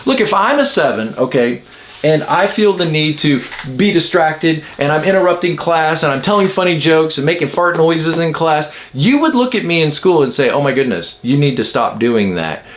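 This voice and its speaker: A man's voice: a little high, animated, moderate pace, slight background noise. Man teaching in a musing, conversational way. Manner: conversational, musing aloud with fillers and rhetorical questions. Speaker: personality-type teacher. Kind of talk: casual spoken lesson.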